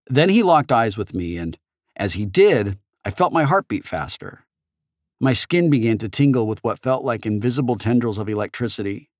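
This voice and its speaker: A man narrating an audiobook in the first person with expressive storytelling. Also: lowish voice, no echo, studio quality.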